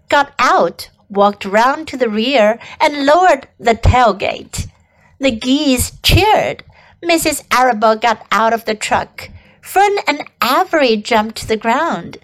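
A woman teacher reading a classic children's story aloud for learners, with clear, expressive narration. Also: a little high, poor audio.

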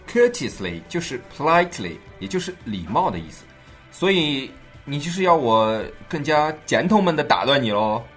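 Guy cohost joking around while explaining english in mandarin, voice swings all over, soft music behind. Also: on the high side, moderate pace. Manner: jokey, teasing, animated. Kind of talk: playful bilingual lesson banter.

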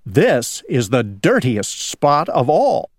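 A man's voice: medium pitch, wildly swooping pitch, slow, no echo, studio quality, exaggerated voice. Man reading as a fussy farmer's wife. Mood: brisk. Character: tidy farmer's wife who loves cleaning.

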